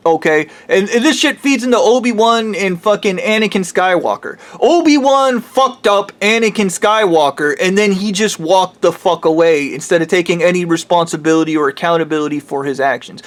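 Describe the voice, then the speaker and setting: A man's voice: high voice, moderate pace, few pauses. A man ranting heatedly in a rambling, profane vlog monologue. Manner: heated, rambling, swears freely. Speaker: vlogger.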